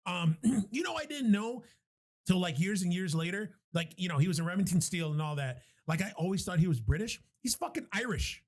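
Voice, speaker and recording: A man's voice: sits high, fairly quick. A man co-hosting a casual podcast chat, talking with lots of swearing and frequent laughter. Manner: animated, profane, laughing often. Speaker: podcast co-host.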